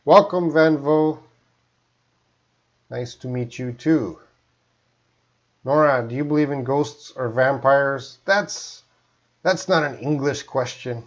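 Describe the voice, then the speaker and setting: A man's voice: mid-range voice, takes it slowly, long pauses, lo-fi sound. A man from Canada teaching English in a live stream, reading out viewer questions and answering them plainly.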